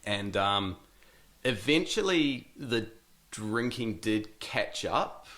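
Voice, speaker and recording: Low-voiced New Zealand man. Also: lively intonation, slow pace, a bit bright. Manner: hesitant, many ums and restarts, laughs easily. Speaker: interview guest. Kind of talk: casual interview.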